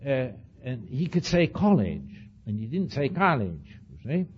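An older man with an accent of his own, telling a story to an audience as an animated lecture with frequent asides. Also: mid-range voice, unhurried, dull audio, slight background noise. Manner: says he speaks with an accent. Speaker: speaker addressing an audience. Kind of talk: anecdotal lecture.

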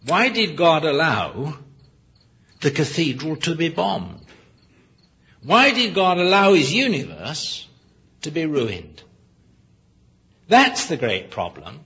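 Husky high-voiced man, sermon, emphatic rhetorical questions, dull lo-fi recording. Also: wildly swooping pitch, slow pace, pauses often, sharp tone. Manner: apologetic self-corrections. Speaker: preacher.

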